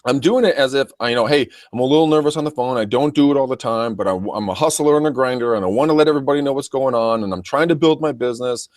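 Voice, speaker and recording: A man's voice: medium pitch, fast talker, few pauses, no echo. A man coaching real estate agents in a casual podcast, chatty and full of restarts. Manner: chatty, stammering, addresses listeners as guys.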